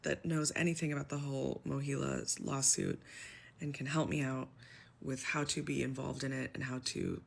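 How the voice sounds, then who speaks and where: A woman's voice: extremely low pitch, flat delivery, normal speed, creaky, slightly rough. A woman in her twenties telling her own story, exasperated and emotional, close to tears. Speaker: public sector worker telling her story. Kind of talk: personal story video.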